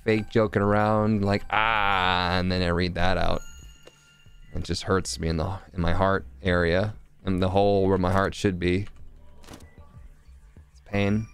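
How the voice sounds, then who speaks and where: A man streaming a video game live, making jokes, thanking viewers and reacting loudly to the game. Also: low voice, a little slow, pauses often, clean tone, soft background music. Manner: jokey, animated, chatting with viewers. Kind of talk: casual live game commentary.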